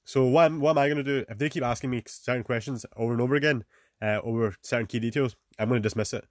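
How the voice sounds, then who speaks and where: A young man talks quickly in a loose, casual way, throwing in fillers, swears and "man" all the time. His voice sits at a medium pitch and sounds dry and close, with no room around it. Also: no echo. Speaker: podcast host. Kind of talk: casual advice monologue.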